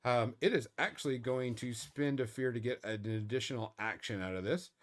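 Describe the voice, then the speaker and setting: A man's voice: medium pitch, moderate pace. A man narrating a tabletop game as game master in a loose, casual way, full of fillers and little chuckles.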